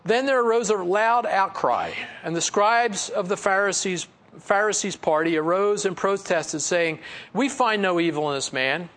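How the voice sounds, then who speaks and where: A man's voice: sits high, animated, moderate pace, a bit bright. A middle-aged man pastor teaching through a Bible passage in a conversational way, reading verses and then explaining them with asides and chuckles.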